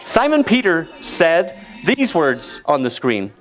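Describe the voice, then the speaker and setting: A man's voice: a little high, slow pace, faint music behind, poor audio. A man leading a playful, interactive Bible lesson with volunteers, speaking into a handheld microphone. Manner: playful, animated, laughing teacher directing a skit. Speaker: youth teacher.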